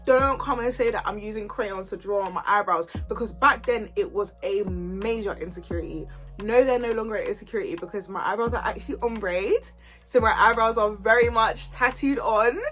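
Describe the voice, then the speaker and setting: A woman, telling a story in an animated, chatty, slangy way. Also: mid-range voice, a little fast, faint music behind. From Kent, England. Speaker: YouTuber. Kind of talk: storytime vlog chat.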